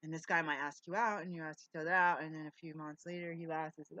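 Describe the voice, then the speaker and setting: A middle-aged woman vlogger with a low, sharp voice and fairly even intonation speaks fast to camera at home. Her casual monologue rambles across tangents as she restarts her words, recorded with dry, slightly dull lo-fi sound.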